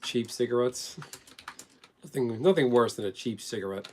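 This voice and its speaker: A man's voice: medium pitch, moderate pace, slight background noise. A man hosting a live stream, chatting casually in a rambling, joking way.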